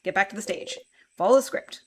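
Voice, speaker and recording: A woman streaming a game, reading its narration aloud in an expressive, dramatic way and reacting. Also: mid-range voice, fairly quick, background noise. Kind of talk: let's play narration and commentary.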